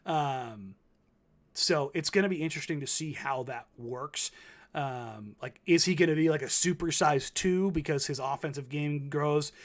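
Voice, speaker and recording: A man in his thirties co-hosts a casual sports talk show with a slightly higher pitch than most men. He rambles, packing his stories with fillers and restarts. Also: measured pace. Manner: rambling, filler-heavy storytelling. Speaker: co-host.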